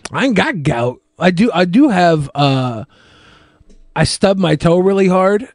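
A man's voice: mid-range voice, darkish tone, no echo, studio quality. A man hosting a live podcast, reading viewer questions and talking in a profane, exasperated way. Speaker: podcast host.

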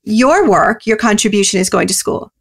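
A woman guest in an interview, explaining parenting ideas earnestly and often pausing with "you know" and "um". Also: medium pitch, lively intonation, husky. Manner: earnest and explanatory, many you-knows and ums. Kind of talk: interview answers.

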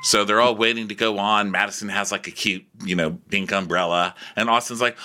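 Bright-voiced snarky man. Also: fairly low pitch, fairly even intonation, moderate pace, hardly any pauses. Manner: sarcastic, snarky asides. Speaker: podcast co-host. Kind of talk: casual chat recapping a reality show.

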